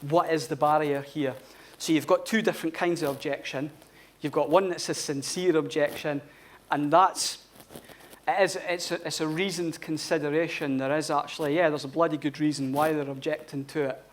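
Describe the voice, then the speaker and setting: A man speaks at a conference in a blunt, casual way, dropping swear words. His voice sits fairly high. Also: steady tone, normal speed, a little hiss or hum. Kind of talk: live conference talk. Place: conference hall.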